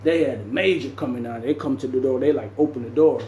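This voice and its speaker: A man's voice: mid-range voice, quick pace, roomy sound, slight background noise, low-quality recording. A man casually telling a story about his past, acting out what people said and punching it up with sound effects. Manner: animated, acts out quotes and sound effects. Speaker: storyteller recounting his jail time.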